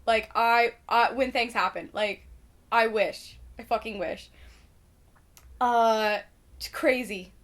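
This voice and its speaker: A woman's voice: fairly high pitch, steady tone, slow pace, pauses often, fairly bright tone. Rambling, sweary young woman vlogger. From Indiana, United States. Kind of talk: casual chat to camera.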